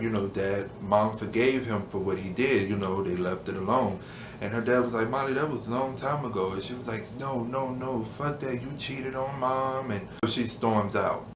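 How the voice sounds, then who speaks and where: Low-voiced man casually recapping a show. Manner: chatty, laughs often, retells scenes with quick quoted lines. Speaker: TV episode reviewer. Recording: echoey room with steady background noise.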